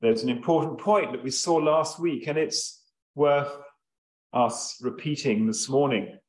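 Slow, measured preacher in an echoey hall. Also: male voice, medium pitch, darkish tone. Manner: slow, measured delivery with long pauses and occasional ums. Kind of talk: sermon reading scripture and expounding.

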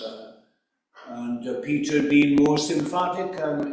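Slow, earnest man preaching in an echoey hall. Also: a little high, a little mellow. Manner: earnest, emphatic preaching with rhetorical questions. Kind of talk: sermon. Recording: echoey hall recorded from far off.

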